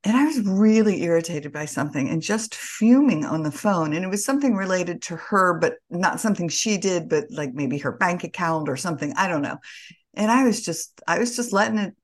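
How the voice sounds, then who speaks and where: A woman's voice: lowish voice, expressive, fairly quick. A woman hosting an interview podcast who often exclaims and laughs as she tells personal stories. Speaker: podcast host. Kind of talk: casual interview conversation.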